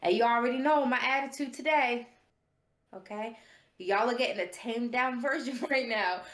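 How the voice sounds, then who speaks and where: A woman's voice: on the high side, normal speed, soft background music. Sassy woman telling a story, echoey room. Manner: sassy, animated storyteller who laughs often. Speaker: podcast co-host. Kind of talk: casual storytelling chat.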